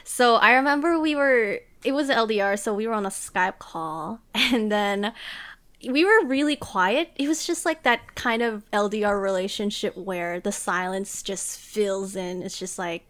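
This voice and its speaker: A woman's voice: medium pitch, measured pace, a bit bright. A woman telling a personal story in a casual podcast chat, rambling with fillers and restarts. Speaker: podcast guest.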